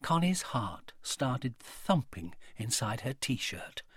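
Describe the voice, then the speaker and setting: Playful storyteller reading a children's book. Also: male voice, medium pitch, big pitch swings, takes it slowly, slightly rough, no room sound, studio quality. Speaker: audiobook narrator.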